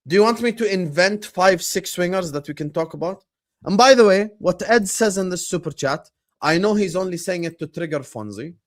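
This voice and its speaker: A man hosting a livestream about football, arguing his points emphatically with rhetorical questions. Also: a little high. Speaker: streamer and football pundit.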